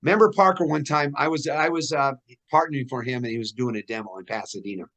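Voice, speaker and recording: A man's voice: medium pitch, fast. A man hosting a casual interview, telling stories with lots of laughter and acted-out dialogue. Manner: animated, laughs often, acts out dialogue. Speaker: host.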